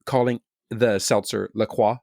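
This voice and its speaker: A man's voice: on the low side, steady tone, a little slow, gravelly, a little mellow, no room sound, clean studio sound. A man co-hosting a podcast, chatting casually in a wry way and laughing often. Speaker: podcast co-host. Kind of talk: casual chat. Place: remote recording studio.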